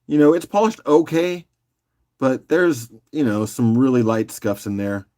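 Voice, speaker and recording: A man hosting a casual live-stream rock auction, joking and chatting with viewers by name in a loose, unhurried way. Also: medium pitch, mellow. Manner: loose and unhurried, with fillers and restarts while doing other tasks.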